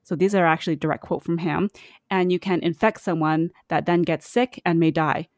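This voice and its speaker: Lady on a podcast, chatty, lowish voice, dry close mic. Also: brisk, no echo. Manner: chatty, reads quotes aloud with animated asides. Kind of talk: casual podcast chat.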